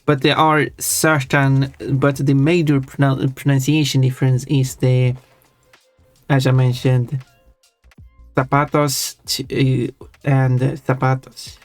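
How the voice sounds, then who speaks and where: Speaking slowly in a level, ordinary middle-pitched tone, a Swedish-accented streamer from Sweden explains things loosely on a casual livestream, rephrasing and restarting as they think aloud. Faint music sits under the dry, close audio, which has no room echo.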